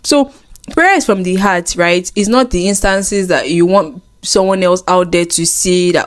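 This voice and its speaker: A woman's voice: fairly low pitch, expressive. A woman co-hosting a casual faith chat, earnest and teasing. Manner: earnest, teasing, quick laughs. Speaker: co-host.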